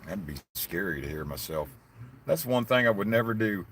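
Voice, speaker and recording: A man's voice: on the low side, lively intonation, normal speed, fairly bright tone, slight background noise. A man with a Southern hillbilly accent, chatting casually and profanely to his live-stream viewers. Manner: profane, blunt, rambling. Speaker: livestreaming vlogger.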